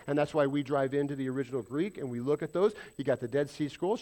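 Talking fast with few pauses, a mid-range-voiced pastor preaches emphatically to his congregation. He puts questions to them, swinging between loud stresses and quiet asides.

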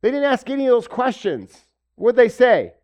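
A man's voice: very high voice, big pitch swings, normal speed, a little mellow, highs cut off. A man preaching a sermon, asking rhetorical questions and acting out the voices of the people he quotes. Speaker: pastor.

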